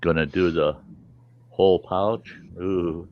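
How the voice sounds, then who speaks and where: A man's voice: sits low, takes it slowly. A man hosting a livestream, telling rambling, salty stories in casual chat and acting out the voices of the people in them. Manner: salty, rambling anecdotes with lively quoted voices. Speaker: host. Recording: dull lo-fi stream audio.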